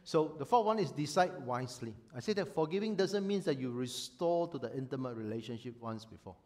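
A man preaching a sermon as a pastor, animated and emphatic, often acting out voices. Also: mid-range voice, fairly quick.

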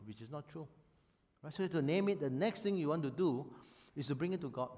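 A man preaching a sermon as a pastor, animated and emphatic, often acting out voices. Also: a little high, fast talker.

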